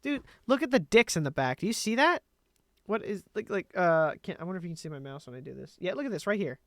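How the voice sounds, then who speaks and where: A man streaming a game, chatting crudely and excitably and reading lines aloud. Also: high voice, fast, no echo, studio quality.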